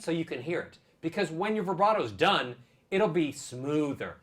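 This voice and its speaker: A man's voice: fairly high pitch, sing-song, moderate pace, a bit bright. A male vocal coach leading a singing lesson, encouraging and demonstrating vibrato on sung syllables.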